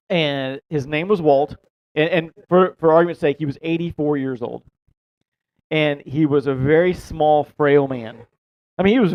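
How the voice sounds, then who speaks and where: A man's voice: on the high side, no echo. A man telling a long fishing story in a casual, rambling way, laughing and swearing as he goes. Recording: dull, dry close-mic sound.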